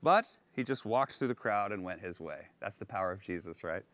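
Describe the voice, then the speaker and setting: A male pastor preaching a sermon on location, retelling a story in an animated, conversational way. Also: sits low, brisk, no room sound. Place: on location at an ancient synagogue.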